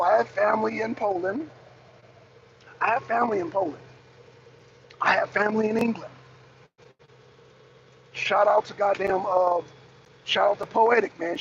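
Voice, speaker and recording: A man's voice: high-pitched, gravelly, fairly bright tone. A man hosting a live talk show and ranting profanely in casual, repetitive commentary from his car in traffic. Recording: slightly dull lo-fi audio.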